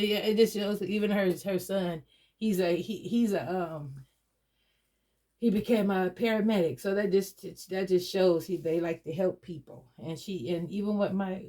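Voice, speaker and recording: Talking to her viewers in a casual, rambling way, this doll collector vlogger is a middle-aged woman whose voice sits on the low side with a warm tone. Her chat to camera is peppered with fillers and frequent restarts.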